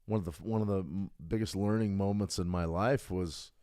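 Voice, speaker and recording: A man's voice: low voice, steady tone, brisk, mellow, no echo, studio quality. A middle-aged man hosting a trading livestream, talking bluntly and casually, building to emphatic outbursts. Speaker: trading stream host.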